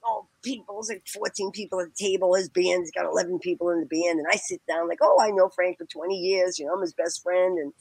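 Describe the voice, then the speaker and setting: Woman storyteller, husky tone, animated voices for quotes, close dry mic. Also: quick pace, few pauses, no echo, low-quality recording. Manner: acts out quoted people with big pitch jumps, laughs while talking. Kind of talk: animated anecdote telling.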